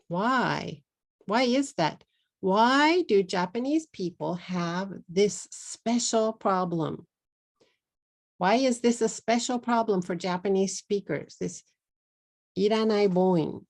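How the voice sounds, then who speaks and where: Slow, gravelly Texan woman teaching pronunciation. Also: mid-range voice, a little mellow. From Texas. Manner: drills words slowly and repeats them clearly; mixes in simple Japanese words. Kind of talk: slow, deliberate pronunciation lesson.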